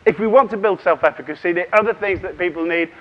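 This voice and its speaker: A man's voice: sits high, fast, lo-fi sound. A man giving a humorous conference keynote, acting out voices and inner thoughts as he tells stories. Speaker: conference plenary speaker. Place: large conference hall.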